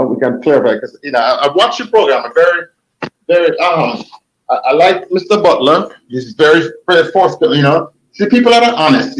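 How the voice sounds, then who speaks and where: A man's voice: medium pitch, slight background noise, poor audio. A man from Jamaica with a Jamaican accent, a football coach explaining tactics in casual chat, often asking if you understand. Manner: animated, restarts sentences, asks "you understand?".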